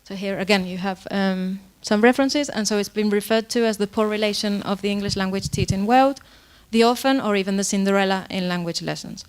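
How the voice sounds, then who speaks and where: A woman lecturer presents to an audience in a clear, smooth voice. She explains at an even pitch, often pausing on fillers and correcting herself mid-sentence. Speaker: university lecturer. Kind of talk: academic presentation.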